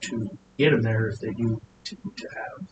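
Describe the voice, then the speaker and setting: A man's voice: fairly low pitch, normal speed, lo-fi sound. Man from Utah in an echoey, noisy room. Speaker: podcast guest. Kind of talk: casual podcast chat. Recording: roomy echo, noticeable noise.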